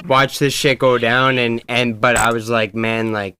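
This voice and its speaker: A man chatting casually on a podcast, laid-back and swearing, often chiming in with quick agreement. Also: medium pitch, level tone, very noisy.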